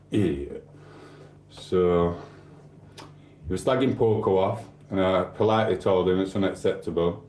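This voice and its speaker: A man's voice: sits low, normal speed, darkish tone, echoey room, a little hiss or hum. A man hosting a stream, rambling in casual chat with swearing and asides to viewers. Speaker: livestream host.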